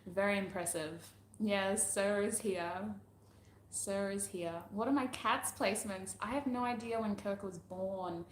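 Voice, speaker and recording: A woman's voice: medium pitch, unhurried. A woman hosting a casual livestream, rambling as she answers viewer comments and laughing often. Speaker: tarot reader, channel host. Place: at home doing makeup. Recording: roomy echo, faint background noise.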